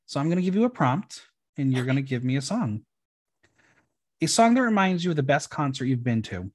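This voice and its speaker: A man's voice: mid-range voice, sing-song, a little fast. A man hosting a podcast interview, reading out playful fill-in-the-blank prompts in an upbeat way. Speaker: podcast host.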